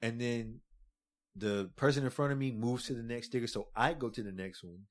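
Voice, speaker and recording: A young man holds the floor with a long, animated story, swearing freely and acting out every line of dialogue. His voice sits at an ordinary middle pitch, and he talks in a loose, casual way among friends. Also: normal speed. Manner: animated storyteller, swears a lot, acts out quotes loudly. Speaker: podcast co-host telling a story. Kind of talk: casual chat.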